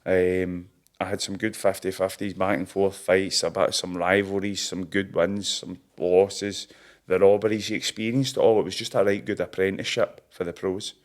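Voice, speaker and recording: A deep-voiced Scottish man in his thirties talks as a professional boxer in a casual interview. He tells stories freely, in broad local slang, and often laughs at himself. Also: little pitch movement, normal speed. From Scotland. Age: 30s.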